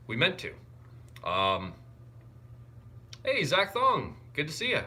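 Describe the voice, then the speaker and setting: A young man chatting casually on a live stream. He greets viewers and reads their comments out loud, and he sounds wired and tired. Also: mid-range voice, wildly swooping pitch, slow pace, pauses often. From Canada. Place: hotel room.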